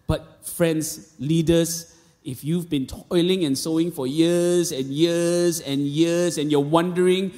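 A man's voice: a little high, fairly even intonation, takes it slowly, warm tone. A man in his thirties with a Malaysian English accent, a pastor preaching a sermon and telling stories with quoted voices and casual asides. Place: church auditorium. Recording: long reverb of a large hall.

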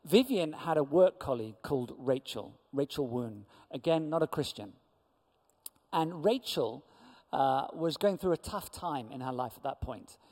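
A man with a slightly raised voice telling a church testimony story. He acts out the people in his story with lively shifts. His voice rings out in a long hall reverb. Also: a little high, a little slow. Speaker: church speaker.

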